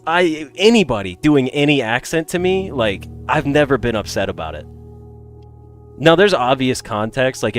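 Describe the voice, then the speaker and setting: A young man streamer tells loose, rambling stories in a mid-pitched voice, swearing freely and restarting his sentences as he goes. Faint music sits beneath his chat. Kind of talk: casual live-stream chat.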